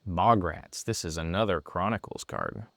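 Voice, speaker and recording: A man presenting an app in a product demo, talking excitedly and a bit sarcastically in an indoor room. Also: low voice, normal speed, vocal fry, no echo, clean studio sound.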